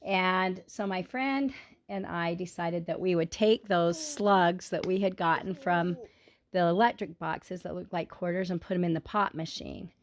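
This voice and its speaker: Woman telling a story from when she was little, sincere and heartfelt, kinda low voice, takes her time. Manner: earnest, heartfelt, unhurried. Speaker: parent telling a childhood story in a family lesson. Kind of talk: personal storytelling.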